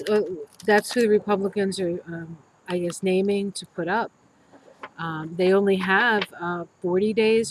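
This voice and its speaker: A woman's voice: mid-range voice, a little hiss or hum, low-quality recording. A middle-aged woman, an astrologer, talking casually and rambling to her viewers with many ums and restarts. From United States. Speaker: astrologer and tarot reader. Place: healing center room.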